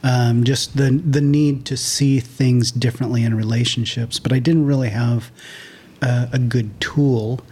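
A man's voice: mid-range voice, steady tone, unhurried, a little mellow, breathy edge. A man, a pastor, answering interview questions in a modest, thoughtful way. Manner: modest, thoughtful, hesitant fillers.

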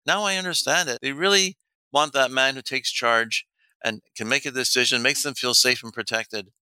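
A man's voice: medium pitch, moderate pace, smooth, no echo. A middle-aged man coaching men on dating, telling stories in casual talk and acting out the dialogue with laughs. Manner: animated storyteller, acts out quoted dialogue, laughs often.

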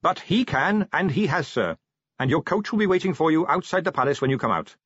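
An eager young watch captain, keen and dutiful, brightly reassuring his superior, as a male reader puts him on. The voice sits high with a husky edge, on a dull, dry recording. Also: expressive, fairly quick, no room sound. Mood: earnest.

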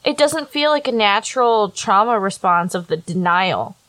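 A woman's voice: mid-range voice, animated, moderate pace, a bit bright, no room sound, low-quality recording. Emphatic, swearing young woman co-host. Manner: reactive, emphatic, swears freely. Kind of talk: casual chat.

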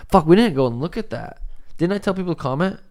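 A man's voice: high-pitched, quick pace. A young man hosting a podcast in casual chat, swearing often and acting out quotes. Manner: animated, swears a lot, acts out quotes. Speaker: podcast host.

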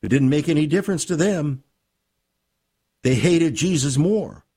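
A man preaching a sermon, slow and emphatic, repeating key phrases, with a slightly husky voice. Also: on the high side, lively intonation, warm tone. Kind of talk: sermon with ministry book offer.

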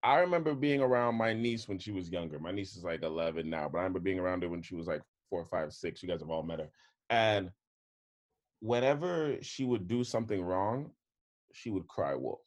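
A man's voice: deep voice, animated, fairly quick. A young adult man talking in casual chat, emphatic and repeating his points.

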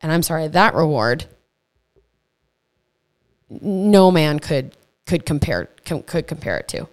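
A woman with a low, deep voice hosts a casual faith podcast. She teaches in a chatty, earnest way, stumbling over words and tossing in quick asides as she goes. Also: lively intonation. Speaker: podcast host. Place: home podcast setup.

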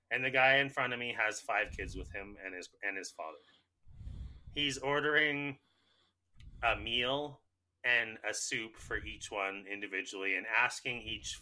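A Canadian man cohosting a podcast, telling animated stories in casual chat and swearing a lot. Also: on the low side, rough recording.

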